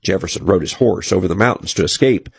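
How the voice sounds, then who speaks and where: Gravelly-voiced man narrating a radio story. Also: low voice, no room sound. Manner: measured storytelling delivery. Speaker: radio segment host.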